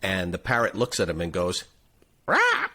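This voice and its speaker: A man who produces the podcast, telling a joke in lively storytelling style. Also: low-pitched, brisk.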